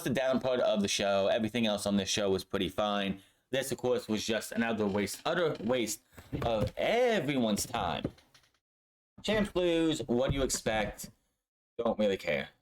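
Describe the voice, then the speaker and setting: Male reviewer, mid-range voice, casual home recap, blunt, sarcastic, swears freely. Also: medium pitch. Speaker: wrestling show reviewer. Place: home room.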